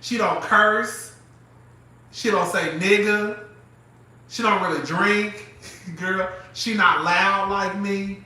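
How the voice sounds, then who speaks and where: A man with a high voice talks slowly and pauses often as he hosts a casual gossip stream on his phone. Dramatic, animated, and quick to laugh, he calls listeners "girl"; the mic sits far off in a very echoey room with faint background noise.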